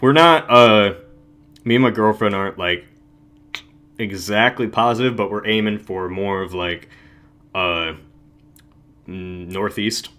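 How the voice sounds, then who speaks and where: A man's voice: fairly low pitch, measured pace, pauses often, sharp tone. A man co-hosting a casual podcast from Ohio, rambling and breaking off his sentences. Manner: rambling, self-interrupting, trailing off. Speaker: podcast co-host. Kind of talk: casual live podcast chat.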